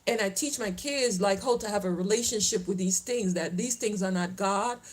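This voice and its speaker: With a mid-range voice and a moderate pace, this middle-aged woman from the Caribbean islands speaks with a mix of Caribbean and Southern US accents, though the audio is poor. The lifestyle vlogger chats and laughs often as she rambles to her viewers outdoors and on her way home.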